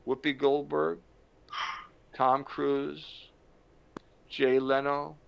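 Gravelly-voiced man telling a story. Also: medium pitch, flat delivery. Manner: slow, dramatic storytelling with emphatic pauses. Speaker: motivational speaker. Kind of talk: storytelling talk to camera. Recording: dull lo-fi sound.

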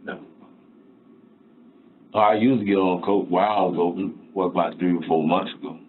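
A man's voice: deep voice, steady tone, moderate pace, husky, narrow, tinny audio. A man being questioned by police, answering with rambling, defensive denials. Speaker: suspect. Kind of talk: police interrogation.

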